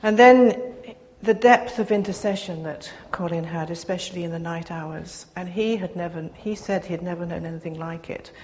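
An older woman giving a personal testimony to a gathering, speaking earnestly with pauses and restarts. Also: on the low side, a little mellow. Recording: reverberant hall, faint background noise.

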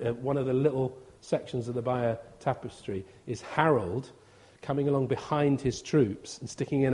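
A man's voice: mid-range voice, a little mellow. A man, a visiting preacher giving an informal, humorous sermon and acting out quotes. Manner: chatty, humorous, acts out quotes.

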